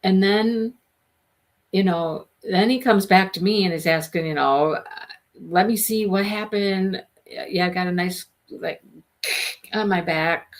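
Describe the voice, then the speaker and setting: A middle-aged woman telling a personal story in a casual vlog, emotional and animated, acting out what was said. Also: mid-range voice, takes it slowly. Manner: emotional, animated retelling with quoted dialogue. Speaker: host.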